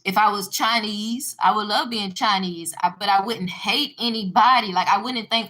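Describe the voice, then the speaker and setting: A woman's voice: medium pitch, normal speed, hardly any pauses, bright, forceful tone. A woman giving an emphatic, preachy monologue straight to her viewers, mixing in religious asides. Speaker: online commentator answering a viewer. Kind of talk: casual ranting monologue.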